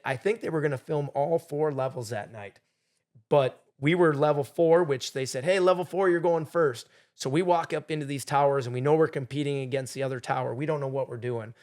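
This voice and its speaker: A middle-aged man telling a story as a podcast guest, animated, acting out what people said. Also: mid-range voice. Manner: animated storyteller, acts out quotes loudly. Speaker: game show contestant guest.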